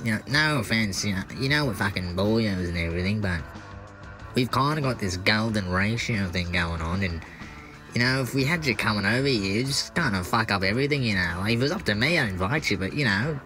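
A man's voice: lowish voice, expressive, fairly quick, bright, forceful tone, soft background music, poor audio. A man voicing an evasive male cartoon skeleton, hedging and dodging.

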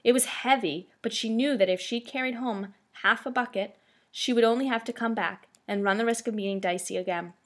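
A woman reading a children's chapter book aloud as narrator, in a steady, expressive way. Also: a little high, a little fast. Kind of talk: storybook read-aloud.

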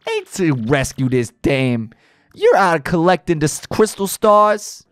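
A man voicing a gruff, domineering mob boss in a video game playthrough, talking tough in a gangster manner. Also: a little high, wildly swooping pitch, unhurried, a bit bright, dry recording, studio quality, voice pushed up, full character voice. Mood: commanding. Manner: tough-guy gangster talk, clipped threats. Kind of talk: let's play voice acting.

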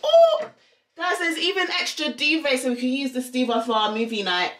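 A woman's voice: high-pitched, very animated, moderate pace. A young woman vlogger talking casually to her viewers, giving a house tour. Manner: chatty, addresses viewers as guys. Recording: echoey room with loud noise.

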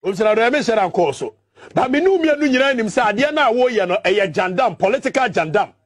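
A man voicing a flustered, stammering man, defending himself in halting words. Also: sits high, lively intonation, pitched above the performer's own voice.

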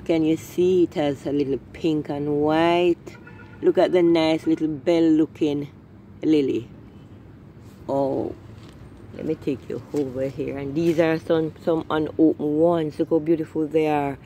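Gushing woman filming her garden on her phone, warm mellow voice, faint traffic hum outside. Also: deep voice, steady tone, measured pace, poor audio. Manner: effusive, keeps calling out "my people" and exclaiming. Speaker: garden vlogger. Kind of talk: casual vlog, filming and narrating a garden tour. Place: outdoors in a home garden. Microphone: phone camera held while walking.

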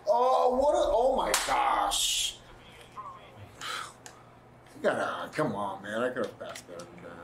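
A man with a gravelly edge to his voice reacts to a video game match, scolding his own side in unhurried phrases. His pitch swings widely between grumbles and outbursts. It sounds echoey, with faint noise underneath. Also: huge pitch swings. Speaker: gamer playing in a tournament.

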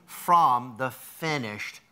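A man's voice: mid-range voice, animated, very slow, bright, forceful tone. A man hosting a live TV talk show, enthusiastic and full of exclamations. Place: TV studio with live audience. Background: faint audience.

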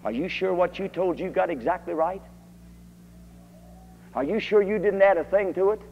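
Fiery preacher guy, kinda high voice, old dull tape, long echo in a hall. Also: moderate pace, a little hiss or hum. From Kentucky. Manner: fiery, rising to shouted emphasis. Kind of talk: old-time holiness sermon.

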